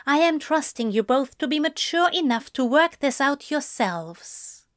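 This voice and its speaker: A woman plays a stern, prim male angel, fussily scolding in a chiding mood. She pitches her high voice above her own, with lively intonation and a slightly slow delivery; the studio-quality recording is dry.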